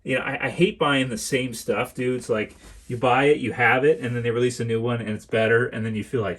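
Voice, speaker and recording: A man's voice: medium pitch, steady tone, a little fast, a bit bright. A man in the middle of his range talking loosely as he walks through a collection on video. He rambles, repeats himself and restarts sentences as he goes. He often calls his viewers "dudes". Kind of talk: casual collection tour vlog.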